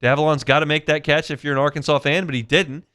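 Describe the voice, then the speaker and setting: A man hosting a sports talk radio show, chatting in a conversational, animated way with fillers and restarts. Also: on the high side, quick pace. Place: radio studio. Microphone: studio microphone.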